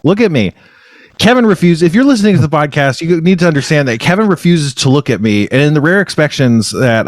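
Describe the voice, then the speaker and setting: Rambling deadpan man on a call. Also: medium pitch, no echo, studio quality. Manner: rambling, self-deprecating, deadpan. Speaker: podcast co-host. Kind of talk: casual chat. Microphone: video call.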